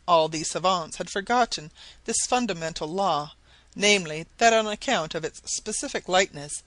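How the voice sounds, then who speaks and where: A man reading a classic adventure novel aloud, narrating with animated delivery and acting out the shouted lines. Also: high-pitched, no echo, poor audio. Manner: animated, acts out shouted quotes. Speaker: audiobook reader.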